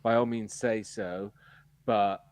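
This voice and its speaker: A man's voice: on the low side, steady tone, slow pace, a little mellow. An English man co-hosting a casual live podcast, frank and opinionated, talking through long anecdotes. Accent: English, with some American habits. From England. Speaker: podcast co-host.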